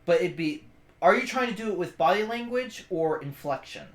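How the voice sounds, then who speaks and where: A man's voice: high voice, expressive, normal speed, roomy sound. A man running a tabletop game as game master, explaining rules and thinking aloud as he rules on skills.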